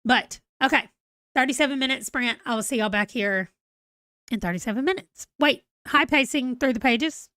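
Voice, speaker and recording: A woman's voice: sits high, moderate pace, bright, forceful tone, no echo, clean studio sound. A middle-aged woman with a Southern US accent, chatting casually as she hosts a livestream and laughs at herself. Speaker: livestream host.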